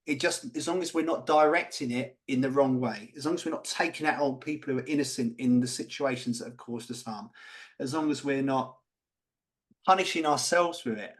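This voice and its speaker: A man's voice: mid-range voice, fairly quick. A man co-hosting a podcast, talking candidly and passionately, swearing freely. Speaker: podcast co-host. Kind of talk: candid conversational chat.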